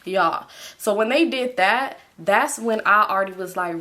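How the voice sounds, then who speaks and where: A woman's voice: mid-range voice, measured pace, bright, forceful tone. A young woman telling a storytime vlog in a casual, slangy way, swearing freely and talking straight to her viewers. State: sleepy. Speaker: storytime vlogger.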